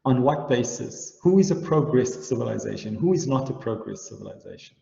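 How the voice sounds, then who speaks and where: A man's voice: mid-range voice, lively intonation, a little fast, vocal fry, warm tone. A man giving a university lecture, explaining ideas step by step and often checking in with his listeners with "right?". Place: lecture hall. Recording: echoey hall, dull lo-fi sound.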